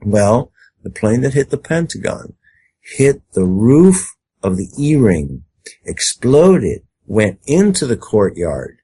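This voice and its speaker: A man's voice: mid-range voice, big pitch swings, slow pace, mellow, slightly rough. A man interviewed as a guest, talking at length in an emphatic, rambling way and acting out quoted speech. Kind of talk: conspiracy talk interview.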